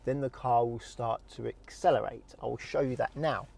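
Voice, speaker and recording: A man talks through a driving lesson from the driver's seat of a car, calm and methodical, explaining each step. His mid-range voice carries a gravelly, slightly creaky texture. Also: mid-range voice, moderate pace. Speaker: driving instructor. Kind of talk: in-car tutorial demonstration. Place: inside a car.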